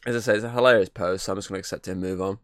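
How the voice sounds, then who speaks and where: A man's voice: deep voice, steady tone, very fast, a bit bright, dry recording, clean studio sound. A man hosting a casual podcast over a video call, rambling, swearing and laughing as he talks. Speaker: podcast host.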